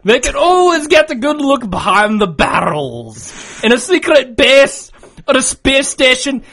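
A man's voice: very high-pitched, very animated, unhurried, voice pushed up, full character voice. A man putting on a hammy Scottish brogue. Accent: put-on Scottish. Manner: rolled Rs, hammy and loud, breaking into laughs. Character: man reading a letter in a put-on Scottish accent. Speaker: podcast co-host.

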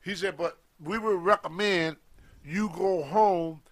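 Older male guest, lively storyteller, acts out voices. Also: high-pitched, takes it slowly. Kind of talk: storytelling in a podcast interview.

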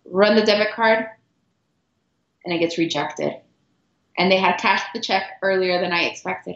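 A middle-aged woman guest telling a personal story earnestly, with halting restarts and repeated words. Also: mid-range voice, fairly bright tone. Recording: roomy, dull lo-fi sound.

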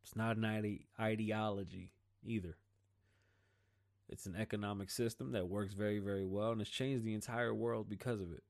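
A man's voice: lowish voice, steady tone, moderate pace, vocal fry. A man hosting his own show, delivering a blunt, profane, slang-filled political rant in a casual style. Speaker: podcast host.

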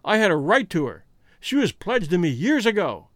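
A man voicing a bitter, desperate male American outlaw who talks loud and fierce. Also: high-pitched, sing-song, normal speed, dry recording, clean studio sound. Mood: grieving defiant.

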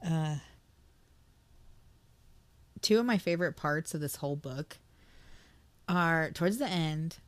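A woman's voice: low voice, slow pace, pauses often, dry recording. A woman co-hosting a podcast, talking casually and emotionally about a book, swearing and laughing often. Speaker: podcast co-host.

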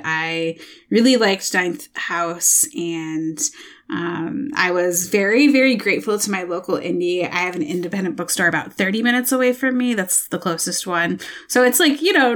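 Woman, podcast co-host, casual storytelling, animated, acts out quotes. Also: on the low side.

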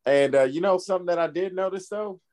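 A man co-hosting a podcast in casual chat, telling stories with lively impressions. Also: high voice, quick pace. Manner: animated storytelling with voiced impressions. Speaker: podcast co-host.

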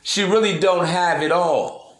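A man's voice: sits high, measured pace, echoey room. A man hosting a podcast in a brash, preachy monologue, full of slang and swearing. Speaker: podcast host. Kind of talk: casual monologue.

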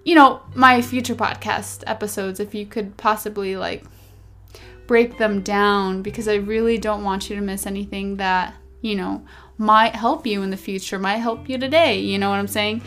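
A young woman hosting her own podcast in a chatty, rambling, animated way, seated indoors at a podcast mic. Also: medium pitch, normal speed, faint music behind. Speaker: podcast host. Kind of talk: casual solo podcast talk.

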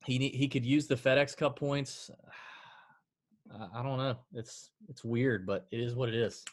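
A man with a medium pitch and fairly even intonation speaks at a measured pace. As co-host of an easygoing sports betting podcast, he leans heavily on stats, sighs, and mocks himself dryly.

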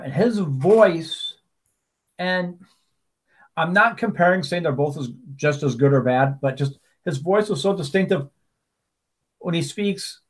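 A man co-hosting a casual podcast, his voice sitting a little high for a man. He tells long stories and wanders into side remarks, restarting his sentences as he goes. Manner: chatty storyteller, many restarts and asides. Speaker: podcast co-host. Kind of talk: casual chat.

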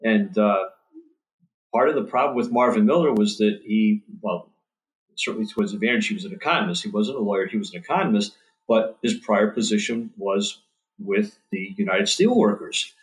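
A man's voice: fairly low pitch, lively intonation, moderate pace, rough recording. A man who writes books on baseball, answering interview questions in an earnest, thorough way. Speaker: baseball author guest.

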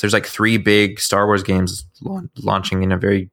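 A man's voice: fairly low pitch, fairly even intonation, fast talker, hardly any pauses, fairly bright tone, no echo, clean studio sound. A man co-hosting a gaming podcast, chatty with stumbling restarts. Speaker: podcast co-host. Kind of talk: casual gaming podcast chat.

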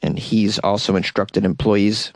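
A man's voice: fairly low pitch, little pitch movement, measured pace, gravelly, dry recording, clean studio sound. A man hosting a casual comedic news commentary show, reading stories and cracking wry jokes, laughing at his own asides and stumbling over foreign names.

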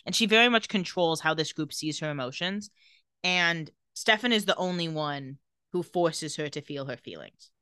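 A woman with a bright, forceful voice and a fairly low pitch, chatting on a podcast. She retells scenes with animation and laughs often. The sound is dry and close. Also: lively intonation, moderate pace, clear, resonant tone, no room sound. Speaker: podcast co-host recapping a TV episode. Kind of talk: casual chat, retelling scenes.

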